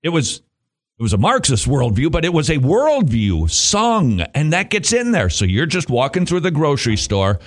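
Wildly swooping in pitch at a normal speed, a male host of a Christian talk radio program jokes his way through a monologue. Frequent laughter and playful side remarks fill the gaps between his points.

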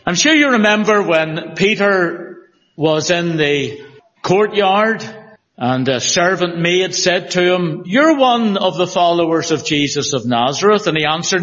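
Earnest Northern Irish preacher in a reverberant hall. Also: male voice, high voice, animated, unhurried, fairly bright tone. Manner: earnest, emphatic preaching with dramatic asides. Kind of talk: expository sermon with prayer. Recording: dull audio with long hall reverb.

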